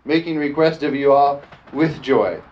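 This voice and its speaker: A man preaching a lively sermon, often calling out "amen?" and joking with the congregation. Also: mid-range voice, a little slow. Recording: dull lo-fi sound with faint background noise.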